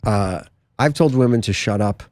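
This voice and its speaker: A man's voice: on the low side, normal speed, a little mellow. A man hosting a podcast, telling a long anecdote in casual chat, with frequent stutters and restarts. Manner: rambling anecdotes with many restarts. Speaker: podcast host.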